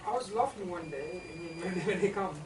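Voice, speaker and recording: Hesitant man recounting a story from far off. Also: high-pitched. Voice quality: halting, hesitant, repeats words. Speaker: trainee in the audience. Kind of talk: telling an anecdote in a group discussion. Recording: echoey room, mic far off, background noise.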